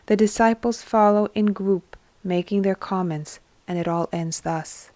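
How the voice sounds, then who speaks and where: A woman narrating a devotional story in a slow, measured storytelling manner. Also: mid-range voice, dark tone, dry recording.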